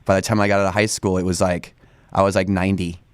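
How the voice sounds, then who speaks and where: A man in his forties with a very low voice talks in a loose, rambling way, full of fillers and restarts. He is recorded close on a dry studio mic with no room sound. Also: flat delivery, fast talker, clear, resonant tone, no echo. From Northern California. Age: 40s. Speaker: studio guest. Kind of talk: casual interview talk. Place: radio studio.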